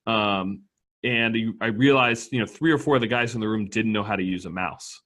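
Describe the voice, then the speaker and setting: A man's voice: fairly low pitch, fairly quick, a bit bright. A man co-hosting a podcast who chats casually and tells wry anecdotes. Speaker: podcast co-host. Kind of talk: casual conversational chat.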